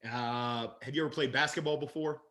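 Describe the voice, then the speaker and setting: A man talking as a guest in a casual interview, lively and playful, laughing often. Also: mid-range voice, brisk. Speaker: sales leader guest.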